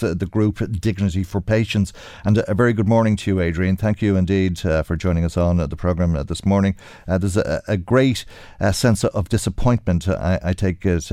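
An Irish man hosting a radio talk show in a studio, his voice very low and set against a dry, close sound. He speaks haltingly and stops often between phrases. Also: darkish tone, dry recording. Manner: halting, many drawn-out pauses between phrases. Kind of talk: live radio interview.

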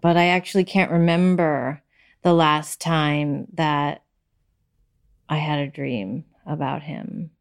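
A woman being interviewed, recalling vivid dreams in a thoughtful, measured way. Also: deep voice, fairly even intonation, clear, resonant tone. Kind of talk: reflective personal recollection.

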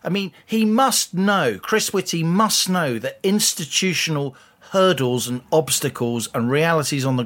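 A man's voice: mid-range voice, a bit bright. Blunt exasperated man. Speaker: podcast co-host. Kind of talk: opinionated casual chat.

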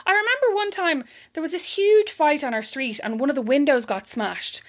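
A young Irish woman chatting casually, telling animated stories and mimicking other people's voices. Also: high-pitched, moderate pace. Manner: animated anecdotes, mimics voices, laughs often. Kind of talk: casual chat, storytelling.

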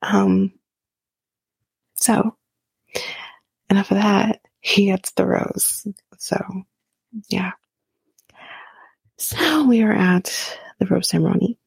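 Brief: woman, whispered reality TV recap, slow and gravelly, cursing casually, dry close sound. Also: medium pitch, fairly even intonation, no room sound. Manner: casual, profane, laughs while talking.

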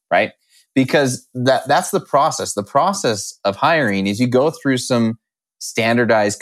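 A man's voice: mid-range voice, no room sound. A man co-hosting a casual podcast, explaining hiring in a coaching manner. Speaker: podcast co-host, hiring advisor.

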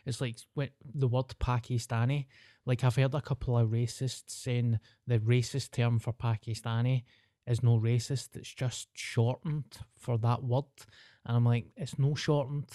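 A man's voice: medium pitch, little pitch movement, unhurried, mellow, dry recording, clean studio sound. A young Scottish man, a comedian, chatting on a podcast and telling stories in broad dialect with plenty of swearing. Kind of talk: casual chat.

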